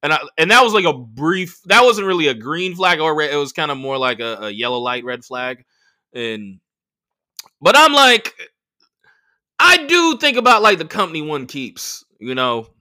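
A young man hosting a podcast, telling a profane, animated story in a casual monologue and acting out the voices of the people in it. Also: a little high, moderate pace. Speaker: podcast host.

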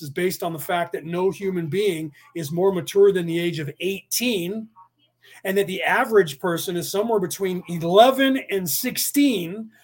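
A man delivering a rambling, profane monologue, full of rhetorical questions and sudden bursts of speed. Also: sits high.

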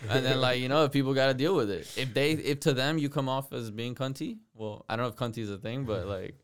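A man's voice: mid-range voice, quick pace, clean tone. A young man co-hosting a casual podcast chat, laid-back, laughing often and swearing freely. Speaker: podcast co-host.

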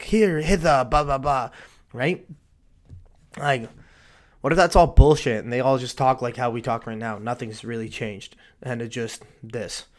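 This is a man in his twenties doing casual, solo news commentary. He rants with lots of profanity, alternating between low muttering and sudden bursts of loudness.

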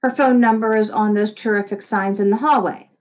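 A woman voicing a cheerful, gushing female teacher in an audiobook, lifting into a high, sugary tone. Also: steady tone, brisk, a little mellow, close to an everyday voice. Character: sweet, cheerful female schoolteacher. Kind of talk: audiobook character voice.

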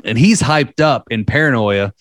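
A man's voice: mid-range voice, moderate pace, no room sound, studio quality. A man in casual talk, telling a long story in a loose, rambling way with lots of fillers. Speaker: podcast host telling a story.

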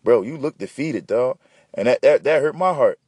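A man's voice: medium pitch, lively intonation, normal speed, a little mellow, husky, no echo. A man hosting a podcast alone, giving blunt, profane, rambling advice in an unscripted casual monologue. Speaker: podcast host.

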